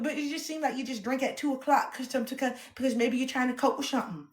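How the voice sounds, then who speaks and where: A woman's voice: high voice, quick pace. A woman livestreamer ranting in a blunt, profane, confrontational way. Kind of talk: livestream rant. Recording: roomy echo.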